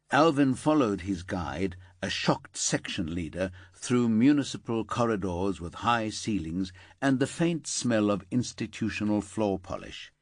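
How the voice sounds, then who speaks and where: A man narrating a thriller audiobook in an expressive storytelling manner. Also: fairly low pitch, dry recording, clean studio sound. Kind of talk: scripted narration.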